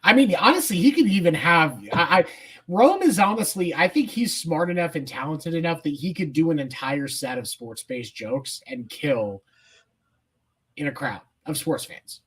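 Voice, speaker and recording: A man co-hosting a sports podcast, giving measured opinions with casual fillers. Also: on the high side, animated, a bit bright, slightly rough. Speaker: podcast co-host.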